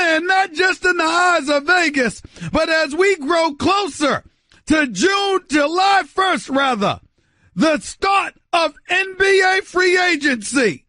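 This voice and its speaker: Middle-aged male radio host from New York, high bright voice, booming theatrical rants that hammer every point. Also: measured pace, no room sound, clean studio sound. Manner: loud, shouting, emphatic and theatrical; repeats phrases for emphasis, addresses "ladies and gentlemen". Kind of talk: sports talk radio monologue.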